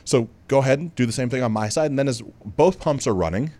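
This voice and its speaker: A man hosting a podcast, telling a personal story in a relaxed, conversational way with many asides and restarts. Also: mid-range voice, quick pace. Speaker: podcast host. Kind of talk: storytelling monologue.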